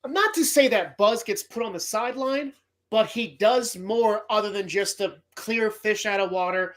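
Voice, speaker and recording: A man's voice: sits high, normal speed, fairly bright tone. Brief: male podcast host, loose and rambling, swears freely, heartfelt. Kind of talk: casual movie podcast talk.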